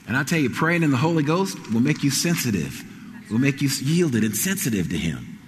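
A man's voice: medium pitch, big pitch swings, fairly quick, slight background noise. Middle-aged man, pastor, storytelling sermon, acts out quotes, reverberant sanctuary. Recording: long hall reverb.

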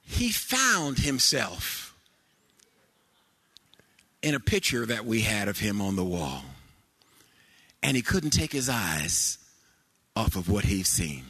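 An older man preaching a sermon, telling homely family stories with fillers, then rising into sung cadences and shouts. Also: lowish voice, sing-song, slow pace, pauses often, husky. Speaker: pastor.

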